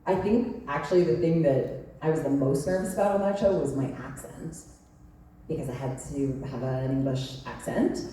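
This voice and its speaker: A woman's voice: rumbling low, moderate pace, dark tone, slight background noise. A woman in her thirties telling stories at a convention panel, chatty and laughing, with lots of "like". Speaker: panel guest actress. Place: large convention hall. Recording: echoey hall from far off.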